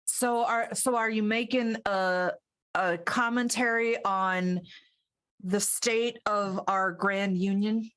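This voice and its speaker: A woman performing improvised comedy, blunt and deadpan in her questions. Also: mid-range voice, slow, smooth. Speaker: improv player.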